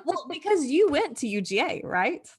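A woman's voice: sits high, big pitch swings, moderate pace. A woman hosting a podcast in an upbeat, enthusiastic way, asking her guest questions. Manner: bubbly, enthusiastic. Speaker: podcast host.

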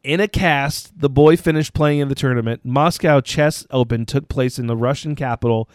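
A man's voice: medium pitch, moderate pace, clear, resonant tone, no echo. A male podcast co-host with a mid-range voice, chatting casually and slipping in dry, sarcastic asides. The sound is close and very dry, with no room around it. He moves between reading the news and loose banter.

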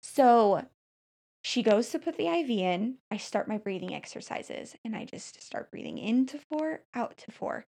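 A woman's voice: on the high side, gravelly. Chatty woman telling a hospital story. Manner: animated storytelling, frequent fillers and restarts, quick laughs. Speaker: storyteller recounting a hospital stay. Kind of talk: casual chat.

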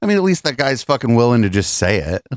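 A man's voice: mid-range voice, very animated, quick pace, no echo, clean studio sound. A man hosting a podcast, chatting casually and sardonically about politics and swearing often. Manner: sardonic, profane, offhand. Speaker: podcast host.

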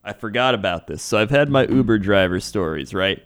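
A man's voice: lowish voice, animated, a little fast. A young man co-hosting a casual podcast, telling stories in a laid-back way and laughing easily. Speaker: podcast co-host. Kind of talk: casual chat, storytelling.

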